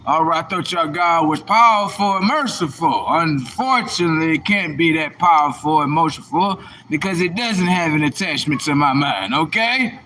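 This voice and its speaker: A man's voice: on the high side, animated, moderate pace, hardly any pauses, bright, forceful tone, slight background noise. A man hosting a livestream, delivering a combative, preachy monologue full of rhetorical questions. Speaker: livestream host.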